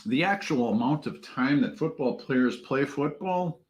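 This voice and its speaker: A man's voice: medium pitch, expressive, measured pace. A man co-hosting a casual whisky tasting chat, making joking dry asides. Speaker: whisky review show co-host.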